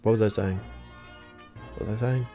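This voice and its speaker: A man's voice: lowish voice, steady tone, moderate pace, dark tone, faint music behind. Rambling, forgetful man narrating gameplay. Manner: rambling, forgetful, many fillers. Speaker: let's play host. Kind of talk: casual gameplay commentary.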